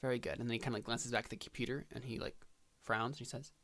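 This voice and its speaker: A man narrating as game master in a tabletop role-playing game, halting and filling pauses as he describes scenes. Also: mid-range voice, level tone, sharp tone. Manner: halting, full of fillers and restarts.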